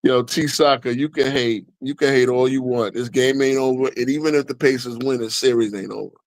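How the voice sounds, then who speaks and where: A man co-hosting a live sports watch-along, chatting casually and getting excited when plays go wrong. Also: fairly quick, no room sound, rough recording. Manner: excitable, jumps up in pitch when frustrated. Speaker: live stream co-host.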